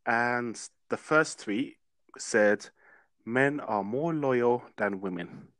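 A man guesting on a casual podcast, talking slowly and keeping his answers dry and evasive. His voice sounds close and dry, with no room echo. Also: mid-range voice, fairly bright tone.

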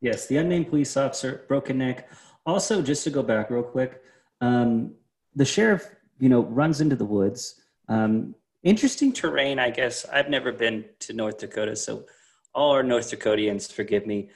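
An easygoing man with a mid-range voice chats about a movie on a podcast. He laughs often and drifts through fillers in a relaxed back-and-forth. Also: medium pitch, moderate pace. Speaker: podcast co-host. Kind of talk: casual movie recap chat.

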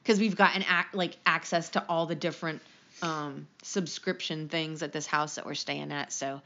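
A woman co-hosting a podcast in relaxed casual chat, halting now and then with fillers. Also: sits low, slight background noise. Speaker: podcast co-host. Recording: dull lo-fi recording.

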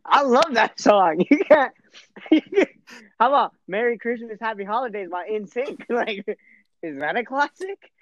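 A man's voice: extremely high pitch, expressive, a little slow, no echo. A young man chatting casually with a friend, incredulous and giggly, often hesitating mid-sentence. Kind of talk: casual chat. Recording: dry dull lo-fi mic.

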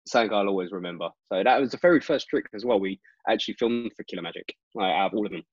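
A British man with a fairly low voice chats as a guest, telling stories with energy and a stream of "like" fillers. The recording is dull and dry, with a lo-fi sound. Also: racing, slightly rough, dry recording. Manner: animated, lots of "like" fillers. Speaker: guest magician. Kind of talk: casual storytelling chat.

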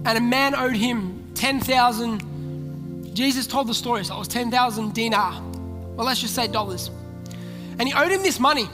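A man preaching a sermon as pastor, telling a story and acting out its characters' lines. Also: very high-pitched. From Australia. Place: large church hall. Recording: long hall reverb with music behind. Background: soft background music.

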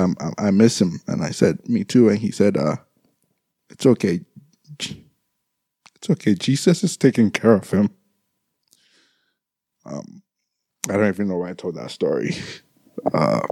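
A young man with a very low, mellow voice talks through his grief in a halting personal monologue. He stumbles and repeats his words and sounds like he is holding back tears. The sound is close and dry. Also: dry recording. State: grieving, trying not to cry. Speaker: grieving brother addressing listeners.

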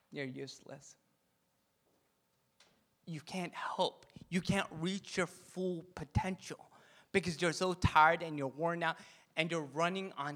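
A pastor, a man, giving an animated, jokey sermon and leading the crowd in call-and-response chants. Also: mid-range voice. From Korean heritage. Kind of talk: sermon talk.

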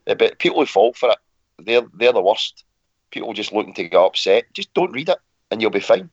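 A man with a very deep voice, stuffed up with a cold, trades blunt, sardonic remarks as podcast co-host. His remote line sounds dull and dry. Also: sing-song, a little fast, no echo. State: congested with a cold.

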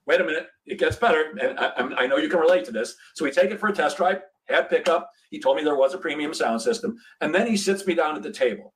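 A man's voice: fairly high pitch, fast, hardly any pauses, recorded from a distance, low-quality recording. A man hosting a podcast interview, telling a story casually and acting out the dialogue. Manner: animated, acts out quoted dialogue. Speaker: podcast host. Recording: voice set back from the mic.

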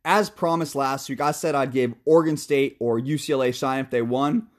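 A man's voice: mid-range voice, moderate pace, hardly any pauses. A young man hosting a casual sports talk show, ranting heatedly about football, swearing freely and then talking himself back down. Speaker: sports podcast host. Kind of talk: casual sports commentary rant.

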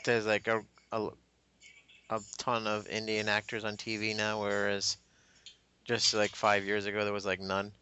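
A man's voice: on the low side, monotone, moderate pace, sharp tone, a little hiss or hum. A man chatting casually with friends while they watch a movie, joking loosely and filling his talk with "like". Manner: loose, joking, filler-heavy. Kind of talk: casual chat with laughs. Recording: dull lo-fi home recording.

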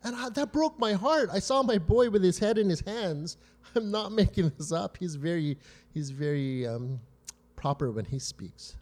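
His voice is a little higher than most men's, mellow and soft-edged, with lively intonation. He delivers a loose, conversational sermon, using personal family stories to make his points and turning to the congregation with frequent "right?" and "you know?" check-ins.

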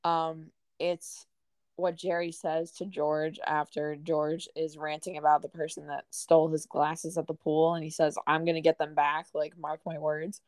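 A young woman with a lowish voice chats casually about favorite lines, dropping "um" between thoughts. The sound is dry and close, with no room around it. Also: unhurried, dry recording. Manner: relaxed, fond, many "um"s. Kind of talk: casual chat.

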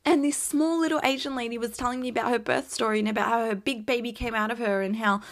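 A woman's voice: a little high, steady tone, fast, no room sound, studio quality. A young woman, telling a personal story in a chatty, blunt way, full of "like". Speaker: vlogger host. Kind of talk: casual storytime chat.

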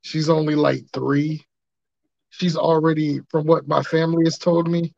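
Casual male podcast host, slangy, a bit higher voice, dry close mic. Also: little pitch movement, unhurried, gravelly, a little mellow, no echo. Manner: laid-back slangy banter. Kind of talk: casual chat. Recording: dull lo-fi sound.

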